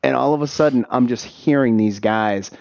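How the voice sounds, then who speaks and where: A man's voice: medium pitch, moderate pace, gravelly, no room sound. A man from Boston telling stories in a casual podcast chat, swearing and acting out what people said. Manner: animated storyteller, acts out voices, swears. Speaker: podcast co-host. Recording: dull lo-fi mic.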